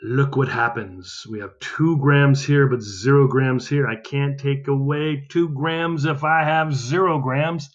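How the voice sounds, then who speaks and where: A man's voice: mid-range voice, unhurried, hardly any pauses. Upbeat man teaching math, lo-fi. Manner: upbeat, counting aloud, self-correcting. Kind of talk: recorded math lesson.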